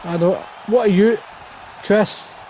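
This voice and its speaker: A man's voice: high voice, slow pace, warm tone, a little hiss or hum, low-quality recording. A man doing play-by-play commentary over a wrestling video game, with wry, teasing banter.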